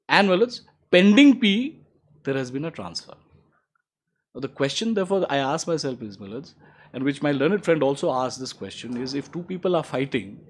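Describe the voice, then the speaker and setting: A man, an advocate replying to opposing counsel in court, formal and emphatic, with "my lords" threaded through his argument. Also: slight background noise. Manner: formal and emphatic, repeats "my lords", rises in pitch to stress points.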